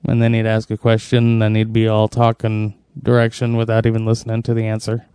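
Laid-back young man, smooth and dry. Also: lowish voice, completely flat delivery, fairly quick, mellow, no echo. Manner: laid-back, laughs often, swears casually. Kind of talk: casual chat.

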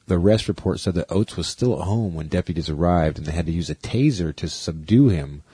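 Guy cohosting a podcast, low husky voice, dry close mic, rambly and jokey. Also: lively intonation, fairly quick, mellow, no room sound. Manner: rambling, joking, trails off mid-sentence. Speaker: podcast co-host. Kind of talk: casual chat.

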